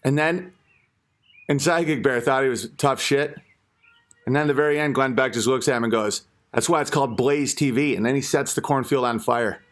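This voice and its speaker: A man's voice: medium pitch, a little fast, fairly bright tone. A man hosting an online comedy rant, crude and mocking.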